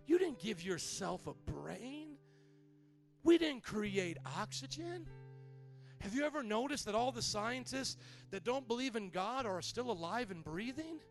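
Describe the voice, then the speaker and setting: A man delivers a sermon as pastor, his voice pitched high with a gravelly fry running through it. He drives points home by repeating them and prompting the congregation to answer back, with a soft guitar playing behind him. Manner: repetitive preaching with call-and-response.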